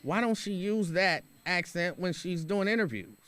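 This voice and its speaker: A man's voice: sits high, lively intonation, moderate pace, fairly bright tone. A man hosting a radio talk show, reading listener comments and giving his opinions in a casual, conversational way. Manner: conversational, opinionated, with frequent restarts.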